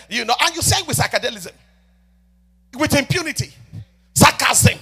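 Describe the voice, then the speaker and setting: A man preaching a sermon as a prophet, swinging between loud shouts and soft murmured prayer and repeatedly addressing the congregation. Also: very high-pitched, lively intonation, a little fast, pauses often. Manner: repeats "ladies and gentlemen" often.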